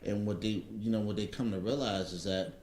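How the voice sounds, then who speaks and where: A man's voice: on the low side, steady tone, brisk, darkish tone. A middle-aged man in casual chat, telling his story in a reflective way and often asking "you know what I mean.". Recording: echoey room, faint background noise.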